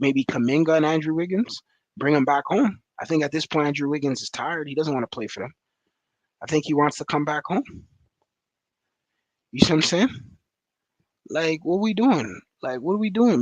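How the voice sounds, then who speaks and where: A man's voice: a little high, brisk, no room sound, highs cut off. Frustrated man ranting after a game. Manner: frustrated, rambling with many fillers. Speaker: sports fan commentator. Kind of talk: post-game reaction rant.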